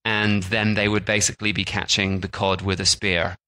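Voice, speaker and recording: A podcast co-host chats casually on a travel show, saying "like" a lot and often restarting sentences. His voice is low and level at a moderate pace, sounding pushed and bright on a rough recording.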